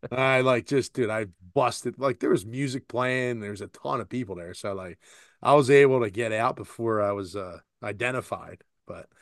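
A man's voice: medium pitch, normal speed, dry recording, clean studio sound. A man in his forties co-hosting a podcast, telling stories in a rambling, laughing, profane way. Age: 40s. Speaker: podcast co-host. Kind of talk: casual chat.

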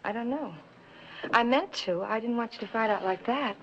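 A woman's voice: on the high side, moderate pace, a bit bright, muffled recording, a little hiss or hum. An actress in her thirties playing a volatile burlesque stripper in a 1960s film drama, defensive and cutting. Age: 30s. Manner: defensive, turning bitter and cutting.

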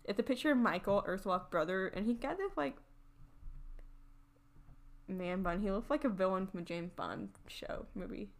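A woman's voice: mid-range voice, normal speed, long pauses. A woman co-hosting a casual true-crime podcast, joking and swearing freely. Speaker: podcast co-host.

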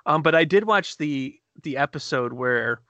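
A man co-hosting a casual podcast, excitedly retelling TV scenes with quick laughs and restarts. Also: on the high side, no room sound, dull audio. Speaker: podcast co-host reviewing TV episodes. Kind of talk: casual chat.

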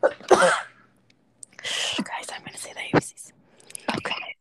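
A young woman with a very breathy voice, co-hosting in a playful, drawn-out whispered ASMR chat. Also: pushed and bright, dry recording.

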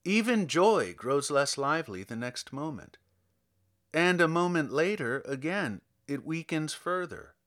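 A man narrating a classic story aloud in an expressive storytelling manner. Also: fairly high pitch, measured pace. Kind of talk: audiobook narration.

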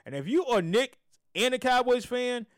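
A man co-hosting a casual sports podcast, animated and repeating himself as he trash-talks teams. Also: very high voice, normal speed, no echo, studio quality. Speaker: podcast co-host.

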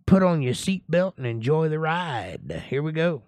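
A man's voice: on the high side, very animated, moderate pace, hardly any pauses, a little mellow, no echo, studio quality. A man leading a casual livestream Bible study in a folksy, chatty way, reading scripture aloud, explaining it, and greeting viewers by name. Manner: reads scripture aloud and comments on it.

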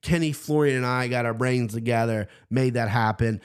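A man in his thirties hosting a casual sports betting podcast, loose and excitable, swearing freely. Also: mid-range voice, normal speed, smooth. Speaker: podcast host.

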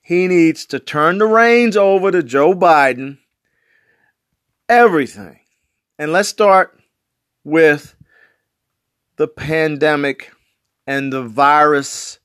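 A man's voice: fairly high pitch, a bit bright, no echo, clean studio sound. A man in his sixties from West Baltimore, delivering an emphatic political commentary monologue with repetitive, slangy phrasing. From West Baltimore, USA. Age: 60s.

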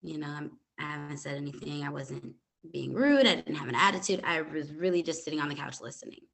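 Young woman, lowish pitch, bright edge; podcast host recounting a story, unhurried, hesitant, full of fillers. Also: creaky. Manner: calm, hesitant retelling with many fillers. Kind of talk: personal storytelling.

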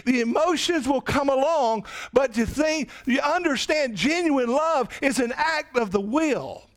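A man's voice: very high-pitched, lively intonation, measured pace. A man pastor preaching a sermon in a conversational way, often asking the congregation rhetorical questions.

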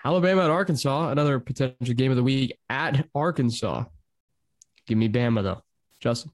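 A man's voice: medium pitch, no room sound, studio quality. A man hosting a casual sports podcast, calling on each panelist in turn for game picks. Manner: brisk, calls on each panelist by name. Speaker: host. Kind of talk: casual podcast chat, running weekly picks.

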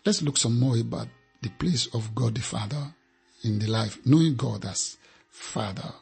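Male preacher, emphatic and repetitive delivery, raspy tone, mid pitch. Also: normal speed, darkish tone, faint music behind. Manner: emphatic, repeats phrases for effect. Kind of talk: sermon.

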